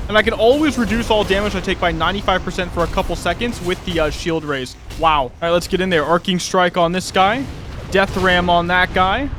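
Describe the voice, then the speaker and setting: High-voiced chatty gaming commentator man. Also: background noise. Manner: chatty, thinks aloud, excitable when pulling enemies. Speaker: gaming youtuber. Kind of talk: casual gameplay commentary.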